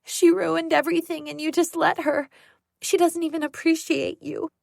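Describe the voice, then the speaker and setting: A woman's voice: very high-pitched, level tone, normal speed, gravelly, darkish tone, dry recording, clean studio sound, pitched above the performer's own voice, heavily acted. A woman voicing an unhinged adult woman who holds someone captive and turns from menacing to childlike pleading. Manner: menacing, then pleading like a little girl. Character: unhinged adult woman captor, needy and violent.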